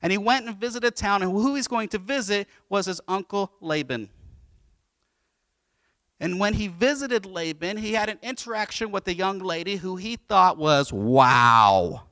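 A man's voice: high-pitched, moderate pace, a bit bright, no echo, studio quality. Casual storytelling pastor, man. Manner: casual storytelling, acts out the voices. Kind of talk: sermon.

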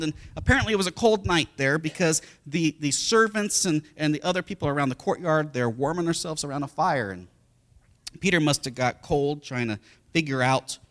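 Bright-voiced animated male pastor preaching. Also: on the high side. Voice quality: animated storyteller who acts out the voices of the people in the story. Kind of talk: sermon.

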